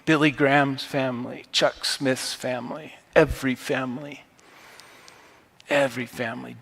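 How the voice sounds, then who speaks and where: A man's voice: medium pitch, vocal fry, fairly bright tone, long reverb tail. A man preaching a sermon as pastor, talking conversationally and rising now and then into emphatic bursts. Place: church sanctuary.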